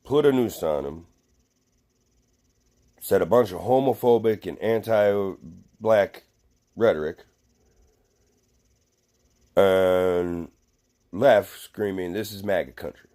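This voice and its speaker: A man's voice: deep voice, slow, pauses often, warm tone. A man vlogging a casual, rambling rant to camera, swearing freely and full of fillers and restarts.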